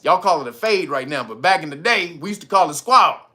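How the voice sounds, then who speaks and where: An LA-man rants in a casual commentary, his slangy talk full of laughter and acted-out bits. His voice sits fairly high and bright. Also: brisk. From Los Angeles. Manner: animated, slangy, often laughing and acting out quotes. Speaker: commentary host.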